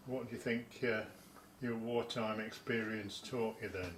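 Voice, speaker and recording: A man's voice: fairly low pitch, steady tone, a little slow, a bit bright. A man interviewing an older speaker for an oral history, prompting him with brief questions. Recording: echoey room, faint background noise.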